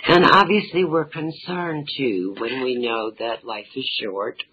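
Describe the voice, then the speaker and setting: A middle-aged woman tells humorous family stories as an interview guest, in an unhurried, drawn-out way. The sound is dull and lo-fi, with a faint hiss underneath. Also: very deep voice. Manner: humorous, anecdotal storyteller. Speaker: author and talk show guest. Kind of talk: interview storytelling.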